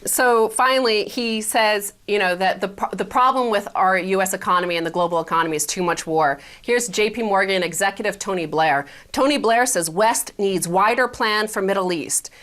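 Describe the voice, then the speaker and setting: A woman's voice: medium pitch, normal speed, few pauses, a bit bright. Woman co-host reading headlines pointedly. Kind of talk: news commentary.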